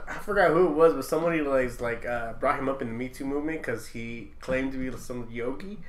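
A man in casual podcast chat, animated, swearing and acting out quotes. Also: medium pitch, brisk. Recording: roomy echo.

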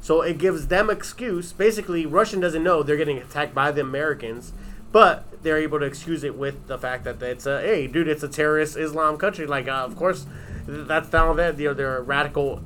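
A man's voice: a little high, fairly even intonation, a little fast, fairly bright tone, slight background noise. A man in casual chat, explaining a theory emphatically and swearing for stress.

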